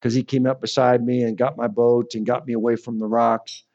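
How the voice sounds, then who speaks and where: A male pastor preaching and telling stories with sudden loud bursts and quiet drops. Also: medium pitch, flat delivery, fairly quick. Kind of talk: sermon. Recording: dull lo-fi recording.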